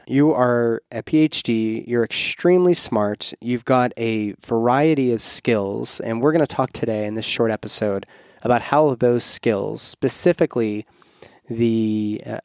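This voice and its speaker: A man hosts a relaxed podcast conversation, playful and quick to tease his guest. His voice sits at an ordinary pitch, and the recording is dry and close. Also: clear, resonant tone, dry recording. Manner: playful, teasing, laughs easily. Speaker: podcast host. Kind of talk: casual interview conversation.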